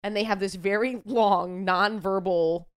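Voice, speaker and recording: A woman in easy podcast chat, mid-pitched and conversational. She tells her stories with energy, slipping into the voices of the people she quotes. Laughs come easily to her. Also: a little slow, clean tone. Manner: animated storyteller, acts out quotes, laughs often.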